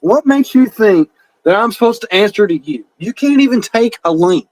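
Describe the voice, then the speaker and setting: High-pitched man in a profane taunting rant. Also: lively intonation, moderate pace, darkish tone, rough recording. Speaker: livestream host. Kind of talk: heated livestream rant.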